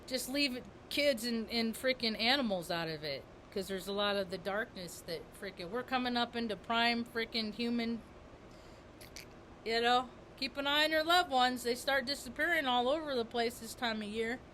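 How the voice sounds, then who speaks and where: A woman's voice: fairly high pitch, moderate pace, fairly bright tone, slight background noise. A woman vlogger talking in a rambling spiritual monologue, repeating and restarting her words with emphasis.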